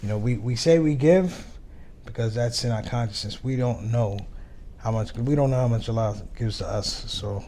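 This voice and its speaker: Comedian guy telling a story, gets loud and animated, does little voices for people. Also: mid-range voice, moderate pace, slight background noise. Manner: animated storyteller, acts out dialogue. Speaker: comedian guest. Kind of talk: storytelling chat.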